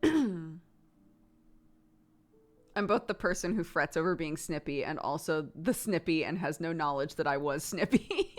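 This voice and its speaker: A woman's voice: sits low, lively intonation, a little slow, pauses often, faint music behind. A woman livestreamer chatting casually with her viewers, teasing and self-mocking and laughing often.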